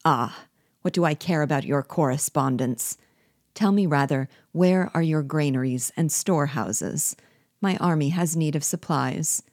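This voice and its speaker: A woman's voice: sits low, measured pace, a little mellow, no echo, clean studio sound. A woman voicing a sardonic rebel general. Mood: scornful. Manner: cold, mocking and commanding.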